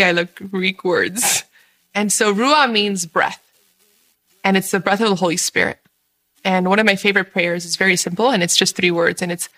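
Woman, bright and forceful voice, bubbly and earnest, faith reflection vlog. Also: medium pitch, rough recording. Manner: bubbly and earnest, laughs often.

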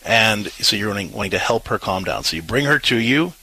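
A man co-hosts a parenting advice talk show, explaining calmly and earnestly. His voice sits low and sounds husky, with a bright, forward edge. He often repeats words as he works through a thought. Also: a little fast, dry recording, low-quality recording.

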